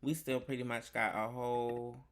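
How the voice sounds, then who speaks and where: A man's voice: mid-range voice, little pitch movement, normal speed. A male livestream host doing chatty, flamboyant commentary, calling the chat "honey" and "child". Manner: talks to the chat.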